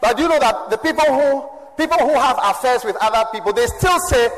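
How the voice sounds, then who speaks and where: High-voiced preacher in a reverberant hall. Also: male voice, animated, fairly quick, hardly any pauses. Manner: preaching with shifts from shouts to low asides. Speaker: pastor. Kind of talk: sermon.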